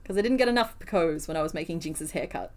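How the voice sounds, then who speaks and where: A woman's voice: low-pitched, animated, quick pace, darkish tone. Chatty woman streaming crochet. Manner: chatty, self-deprecating, answers chat questions. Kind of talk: casual live-stream chat while crocheting.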